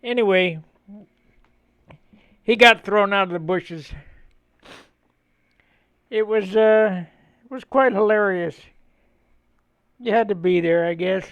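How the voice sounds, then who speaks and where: An older man with a fairly high voice takes his time, rambling through memories between steps of his model airplane build. The sound is close and dry, with no room around it. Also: takes it slowly, long pauses, clear, resonant tone, no echo, lo-fi sound. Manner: rambling, chuckling storyteller. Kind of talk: casual storytelling while building.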